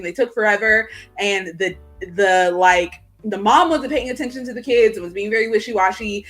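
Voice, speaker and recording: A woman co-hosting a casual chat show over a video call, telling animated stories and acting out the people in them. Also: on the high side. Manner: animated, acts out voices while telling stories. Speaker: podcast co-host. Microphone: video call setup.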